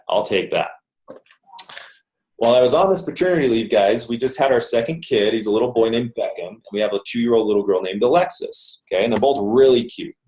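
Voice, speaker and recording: A man's voice: on the low side, a little mellow. A man in his thirties telling a personal story to a live audience in a chatty, joking manner, often checking in with "okay?". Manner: conversational, jokey, keeps checking in with "okay?". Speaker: motivational speaker. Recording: roomy echo.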